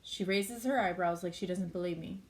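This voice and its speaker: A woman's voice: fairly low pitch, normal speed, a little mellow. A woman reading a novel aloud in a plain, unpolished way, with small slips she corrects as she goes. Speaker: reader.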